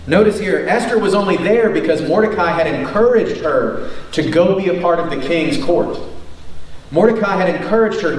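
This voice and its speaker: Pastor, male, conversational sermon with frequent tag questions; a touch higher than usual; distant mic in a booming, echoey hall. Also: lively intonation, moderate pace. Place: church hall.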